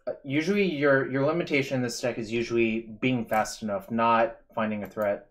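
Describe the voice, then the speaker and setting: A man hosts a live card-game stream and talks through his choices as he makes them. He sounds casual and analytical, with a voice of ordinary middle pitch. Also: steady tone, brisk. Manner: analytical, thinking aloud. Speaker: streamer host. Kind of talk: casual gaming commentary.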